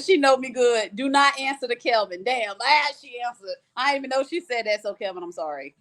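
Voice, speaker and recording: A woman's voice: on the high side, brisk, few pauses. A woman hosting a casual livestream chat who reads out viewer comments and answers them bluntly, with lots of swearing. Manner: blunt, profane and animated, reading out comments.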